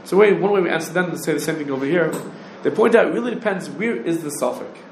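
A man gives a Talmudic lecture in a fairly high voice, pressing each point with quick questions that climb upward. The room gives his voice a noticeable echo, and a faint ambience hums underneath. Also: slight background noise. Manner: rapid questioning, rising challenges. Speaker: religious law teacher.

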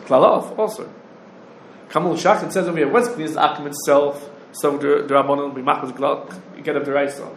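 Man lecturing briskly in an echoey room. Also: on the high side, steady tone, slight background noise. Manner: rapid questioning, rising challenges. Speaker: religious law teacher. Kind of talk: Talmudic lecture. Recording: roomy echo with faint ambience.

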